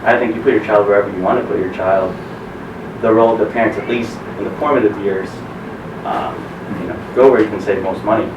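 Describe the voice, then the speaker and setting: A man's voice: lowish voice, fairly even intonation, fast talker. A man from a school's leadership speaking on a panel, conversational and full of "you know". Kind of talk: panel discussion. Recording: roomy, distant mic with hum.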